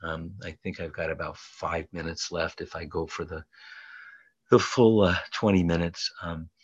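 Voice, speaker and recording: A man's voice: sits low, steady tone, moderate pace, husky, no room sound. A man in his late sixties giving a rambling, hesitant personal share from the podium at a recovery meeting. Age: 60s. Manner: rambling and hesitant, many fillers. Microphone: podium mic. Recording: dull lo-fi dry recording.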